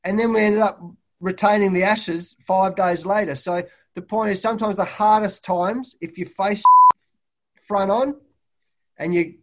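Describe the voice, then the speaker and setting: A middle-aged Australian man, a head coach and guest, telling lively stories and acting out what people said. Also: high voice, a little slow. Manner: lively anecdotes, acting out quotes loudly. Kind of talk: animated storytelling in a podcast interview. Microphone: remote call.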